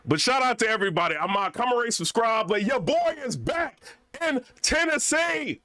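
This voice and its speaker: A man's voice: very high-pitched, very animated, normal speed, bright, forceful tone, no echo. A young man vlogging in a casual, rambling rant full of slang.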